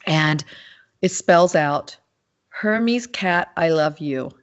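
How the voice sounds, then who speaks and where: Lower-pitched woman, dull lo-fi sound. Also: very slow. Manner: animated storytelling with many restarts and fillers. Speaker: podcast guest, animal communicator. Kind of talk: casual interview talk.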